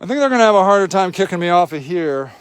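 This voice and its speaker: A man's voice: high-pitched, lively intonation, racing, smooth, no echo. A man filming a livestream outdoors, giving indignant, sarcastic running commentary and swearing freely. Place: outdoor homeless camp in snowy cold.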